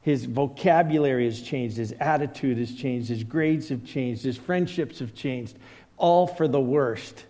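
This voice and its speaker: A man's voice: medium pitch, unhurried, mellow. Male pastor telling stories in a hall. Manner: storytelling, acts out quoted voices. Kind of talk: sermon with personal stories.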